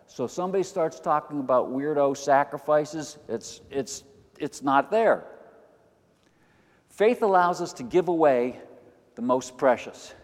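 An older man preaching a sermon as pastor, animated, moving between quiet asides and loud emphatic lines. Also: fairly high pitch, a little slow. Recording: long hall reverb.

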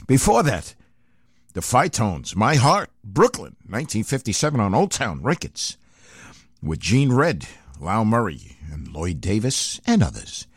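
A man's voice: on the low side, a little slow, husky, no echo. An older man hosting an oldies radio show, talking casually and loosely between records in a studio, with many fillers. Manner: lively, rambling, filler-heavy.

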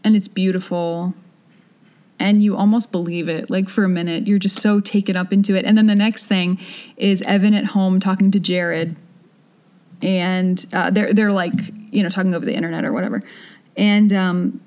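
A woman co-hosting a podcast, chatting casually and acting out characters' lines in quick voices as she retells a story. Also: medium pitch, little pitch movement, darkish tone. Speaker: podcast co-host. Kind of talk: casual chat retelling a musical.

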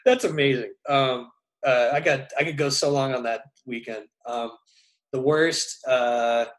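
A man's voice: mid-range voice, steady tone, unhurried, low-quality recording. A young man, a touring musician, chatting casually and telling stories in a loose, rambling way with many restarts. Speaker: touring musician, podcast co-host. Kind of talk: casual chat.

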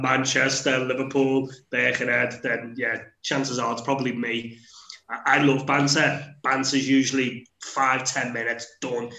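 Young man, monotone and bright, roomy echo. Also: medium pitch. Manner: flat, wry, swears casually. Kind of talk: casual chat.

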